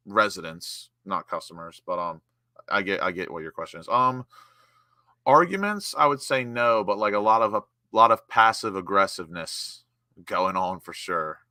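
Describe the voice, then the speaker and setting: A young man from the United States hosting a live football watchalong, chatting casually and bursting into excited shouts when his team attacks. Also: on the low side, no echo, clean studio sound. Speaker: watchalong host. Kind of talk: live match watchalong commentary.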